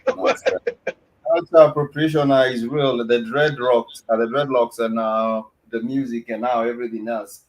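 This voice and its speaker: A man with a mid-range voice, fairly even intonation and a moderate pace hosts an online talk show in casual chat, speaking hesitantly with lots of fillers and repeated words. The recording is rough.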